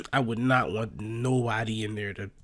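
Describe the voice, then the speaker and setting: A man's voice: on the low side, fairly even intonation, measured pace. A man hosting a reaction video in casual, slangy commentary, laughing and joking between remarks. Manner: slangy, laughing, joking, says "bro" a lot. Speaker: reaction channel host.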